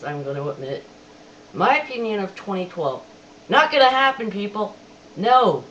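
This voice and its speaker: A casual webcam movie reviewer who talks chattily, keeps repeating that he has to admit things, and quotes lines with animated emphasis. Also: mid-range voice. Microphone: webcam microphone. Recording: distant dull webcam audio, faint hiss.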